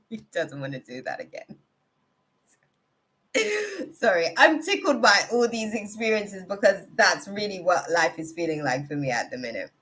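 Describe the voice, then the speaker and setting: A woman's voice: medium pitch, sing-song, moderate pace, pauses often, a bit bright. A woman hosting a live tarot reading, chatting casually and laughing often as she talks. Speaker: tarot reader, live-stream host.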